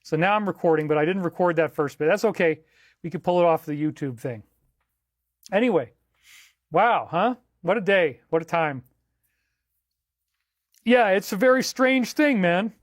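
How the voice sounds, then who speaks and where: A man's voice: high voice, animated, normal speed, long pauses. A man chatting casually on his own live stream, loose and rambling as he thanks viewers for joining and donating. The sound is close and dry, with no room echo. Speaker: livestream host. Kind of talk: casual livestream chat.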